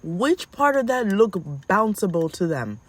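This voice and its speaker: A woman telling casual, animated stories as a podcast host, acting out how she scolds her kids. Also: medium pitch, unhurried. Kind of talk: casual storytelling.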